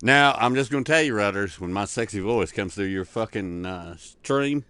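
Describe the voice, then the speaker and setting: A somewhat low-voiced man chatting with friends while streaming a game, his pitch swinging widely as he jokes and curses. His headset sound is dry, with no room around it. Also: expressive, moderate pace, pushed and bright, smooth, dry recording. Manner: joking, heavy swearing. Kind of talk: casual gaming chat.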